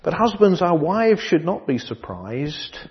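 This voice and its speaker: A middle-aged man preaching a sermon, measured and dryly humorous, often restarting his phrases. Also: a little high, sing-song, big-room sound, highs cut off. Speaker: pastor.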